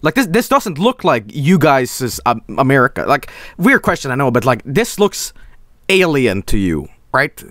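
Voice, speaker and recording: A Swedish-accented man commenting live on a game he is streaming, swearing freely and laughing a lot. His pitch jumps all over the place, and the sound is dry and close with no room echo. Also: normal speed. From Sweden. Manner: excitable, profane, laughs often.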